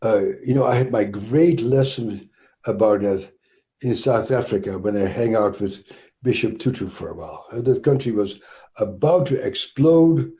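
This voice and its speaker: A man's voice: fairly low pitch, lively intonation, normal speed, warm tone. A man with a Dutch accent, a trauma expert speaking as an interview guest, explaining thoughtfully with frequent restarts and fillers.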